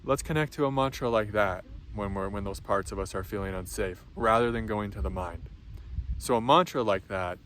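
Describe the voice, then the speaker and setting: Man, low voice, soft reassuring spiritual talk, faint room hum. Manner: soft, slow, reassuring, with many ums and restarts. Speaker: spiritual teacher.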